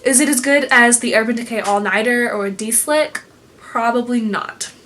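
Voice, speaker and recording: Young woman beauty vlogger, kinda high voice, rambly and gushy, faint room hiss. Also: moderate pace, fairly bright tone. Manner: gushing, rambling, lots of fillers and laughs. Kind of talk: casual chatty product review. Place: home room.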